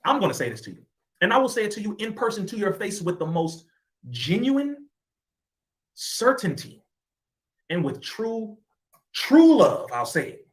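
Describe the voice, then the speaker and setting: A man's voice: sits high, very animated, moderate pace, pauses often, a bit bright. Emphatic, sarcastic male commentator. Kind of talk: impassioned address to camera.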